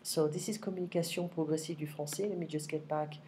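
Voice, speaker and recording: Low-voiced woman teaching patiently. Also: steady tone, warm tone, a little hiss or hum. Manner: patient, repeats phrases slowly, frequent "okay?". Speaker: French teacher. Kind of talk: casual online lesson. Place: home, next to her kitchen. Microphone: computer microphone.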